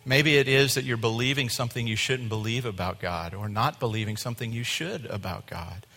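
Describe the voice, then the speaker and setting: A male pastor preaching a sermon, animated, acting out voices and dropping to a quiet tone at times. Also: medium pitch, a little fast. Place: church sanctuary. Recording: long hall reverb.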